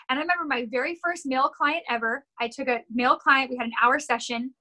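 Bright high-voiced woman trainer. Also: fast, few pauses, low-quality recording. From California. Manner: candid, encouraging, tells stories with quoted voices. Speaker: gym owner and personal trainer. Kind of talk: casual podcast chat.

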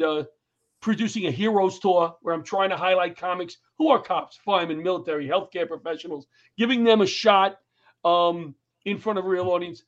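A man's voice: high-pitched, highs cut off. A middle-aged man, a comedian and former firefighter telling stories in a casual interview, acting out quotes in a raised voice. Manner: animated storyteller, acts out quotes in raised voice. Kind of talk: storytelling in casual interview chat.

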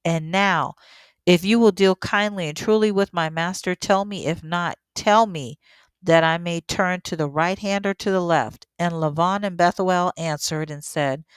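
Slow, smooth-voiced woman reading scripture. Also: fairly low pitch, dry recording. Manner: reads steadily, then breaks in with emotional asides. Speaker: scripture teacher. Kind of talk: reading scripture aloud with commentary.

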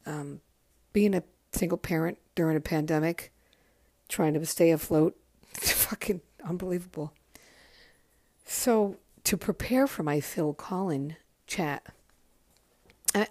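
A middle-aged woman with a low voice chats loosely through her podcast, frank and foul-mouthed, drifting from thought to thought. She sounds worn out and yawns her way along. The recording is close and dry, with no room sound. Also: darkish tone, dry recording. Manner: candid and profane, rambling with frequent ums. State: tired, yawning. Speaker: podcast host. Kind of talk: casual solo podcast chat.

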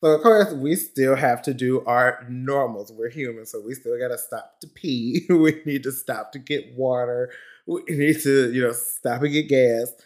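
A man hosting a podcast, telling a story in a casual, expressive way. He laughs often, calls his listeners honey, and moves between lively bursts and quiet, reflective stretches. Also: mid-range voice, unhurried. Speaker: podcast host.

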